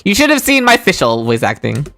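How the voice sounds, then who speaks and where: A woman streaming a game, chatting excitedly and voicing the characters' lines herself. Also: fairly low pitch, quick pace, soft background music. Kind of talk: game stream, reading dialogue aloud.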